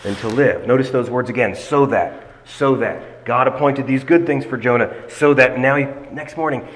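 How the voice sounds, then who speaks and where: A man preaching an expository sermon, deliberate and emphatic, slowing down to stress key phrases. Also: mid-range voice. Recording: long hall reverb.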